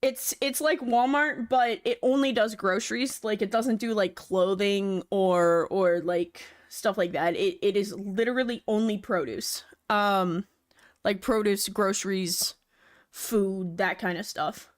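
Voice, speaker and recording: A woman's voice: medium pitch, unhurried. A young woman live-streaming, chatting loosely with her viewers, rambling and swearing casually into a desk mic.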